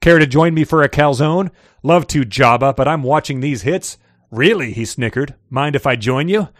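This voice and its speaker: A man of middle pitch reads prose passages aloud for a podcast, slipping into light character voices for the dialogue. The sound is dry and close, with no room around it. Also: moderate pace, no room sound. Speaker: podcast co-host reading excerpts. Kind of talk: casual podcast chat and reading aloud.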